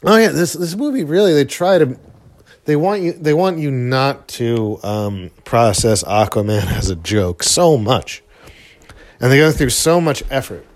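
A man's voice: medium pitch, expressive, a little slow. A middle-aged man giving casual, rambling commentary over a movie, full of fillers and small chuckles. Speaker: film commentator.

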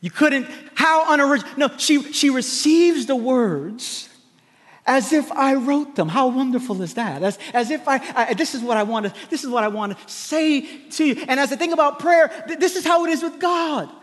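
A man preaching a sermon to a congregation, emphatic and repetitive, with quick asides to the crowd. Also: very high-pitched, big-room sound. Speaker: pastor. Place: large church hall with congregation.

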